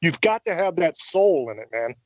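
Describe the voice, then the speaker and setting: A man's voice: on the high side, big pitch swings, moderate pace. A man hosting a radio interview, speaking emphatically and enthusiastically, swearing casually. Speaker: radio show host. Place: radio studio. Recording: dry, muffled radio audio.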